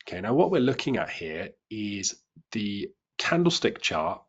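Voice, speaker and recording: A man's voice: on the low side, very animated, measured pace, breathy edge, dull audio. A man teaching a trading lesson to a live class, chatty and self-deprecating, often restarting and repeating words as he explains. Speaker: trading instructor.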